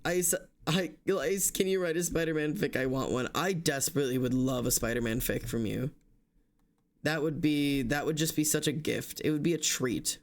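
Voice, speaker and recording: A man's voice: on the high side, normal speed. A young man streaming, exhausted and yawning, talking casually and apologetically to his chat.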